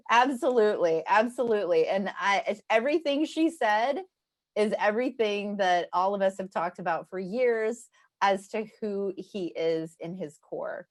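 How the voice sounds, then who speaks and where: A woman's voice: mid-range voice, moderate pace. A woman hosting a casual livestream chat, upbeat, repeating words and laughing often. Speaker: host.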